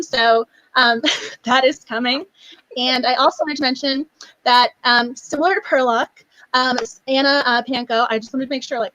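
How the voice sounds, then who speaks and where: High-voiced bubbly woman host. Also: a bit bright, no room sound, dull audio. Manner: bubbly, gushing, laughs often. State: emotional, near tears. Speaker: book club host. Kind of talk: casual live stream chat.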